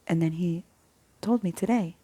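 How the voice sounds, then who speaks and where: A woman's voice: lowish voice, moderate pace, warm tone, breathy edge. A woman casually telling a personal story as a faith vlogger, rambling, repeating words and often dropping into a half-whisper.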